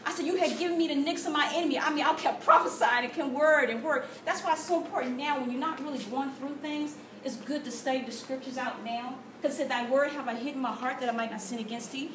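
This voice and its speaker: Woman with a high voice sharing an animated testimony, recorded from far off in a roomy space. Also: fairly quick, few pauses. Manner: animated storytelling with gasps and quoted prayers. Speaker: testimony speaker. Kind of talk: church testimony. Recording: echoey room from far off with noise.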